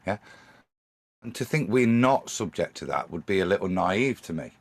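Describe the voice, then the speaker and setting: A man on a live-stream panel, talking in a hesitant, measured way. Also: sits low, animated. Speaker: podcast panelist. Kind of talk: casual live-stream discussion.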